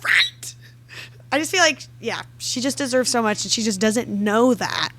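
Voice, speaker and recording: A young woman co-hosting a book club podcast, talking about the story in a gushing, emotional, animated way. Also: fairly high pitch, moderate pace, slight background noise. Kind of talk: casual book chat.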